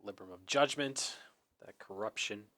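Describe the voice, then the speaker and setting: A young man, hoarse, casting a card game match solo in an easygoing, chatty play-by-play style. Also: lowish voice, normal speed, bright, forceful tone. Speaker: esports caster.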